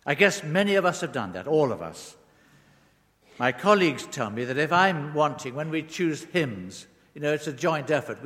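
Man preaching a sermon, kinda high voice, big swoops up and down, long church-hall echo. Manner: expressive, rising and falling emphasis. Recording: long reverb of a large hall.

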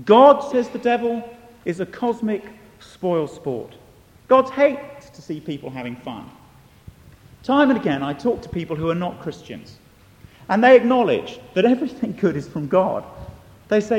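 A man's voice: sits high, very animated, moderate pace, darkish tone. Brief: male preacher, earnest and emphatic, voice rising and falling widely, long church echo. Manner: earnest, emphatic, questioning the listener. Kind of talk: sermon.

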